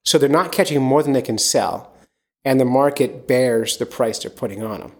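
A male podcast host from the Philadelphia area. He talks in a casual, joking way at an ordinary middle pitch. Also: normal speed, darkish tone. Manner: chatty, joking.

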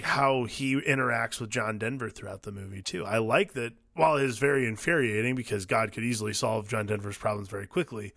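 A man talks through a film in a calm, thoughtful way, building his points step by step. His voice sits at a middle pitch. The sound is dry and close to the mic. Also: no echo. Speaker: podcast co-host. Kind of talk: casual movie discussion.

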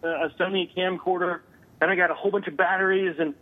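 Man telling a story over a tinny phone line. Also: high-pitched. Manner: halting, many filler sounds, animated retelling. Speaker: guest paranormal investigator.

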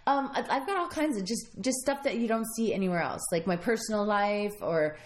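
A woman's voice: medium pitch, a little fast. A woman guest in a casual interview, talking in a bubbly way full of "like" fillers.

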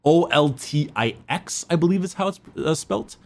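A man's voice: fairly high pitch, lively intonation, normal speed, gravelly. A man co-hosting a podcast, chatting casually about a book with frequent restarts and fillers. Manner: rambling, many restarts and fillers. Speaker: podcast co-host.

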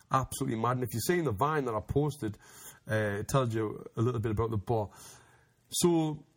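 Man, casual raconteur, rambling with restarts. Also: mid-range voice. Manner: rambling, frequent restarts, laughs while telling. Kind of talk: casual storytelling.

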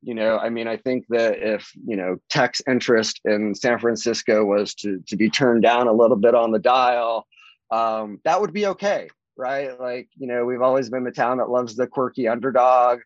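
A man's voice: moderate pace, dry recording, lo-fi sound. A man, a real estate agent, talking casually in an interview, rambling with many fillers. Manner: rambling, many fillers, lively swings in pitch.

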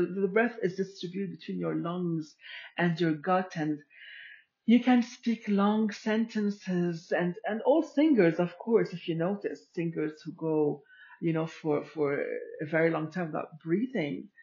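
Slow, deliberate woman musing aloud. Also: on the low side, a little mellow, muffled recording. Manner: slow and deliberate, explaining with pauses. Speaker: podcast host. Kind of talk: reflective solo monologue.

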